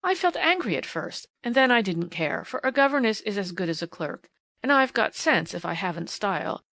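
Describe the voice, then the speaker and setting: A woman's voice: mid-range voice, sing-song, moderate pace, fairly bright tone, no room sound. A woman reading a classic novel aloud as an audiobook, with small voice shifts for the dialogue. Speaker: audiobook reader.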